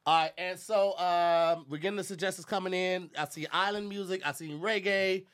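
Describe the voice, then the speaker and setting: Bright high-voiced male podcast host. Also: fairly even intonation, normal speed. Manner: playful, laughing, hypes up guests. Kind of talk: casual chat and improvised rap.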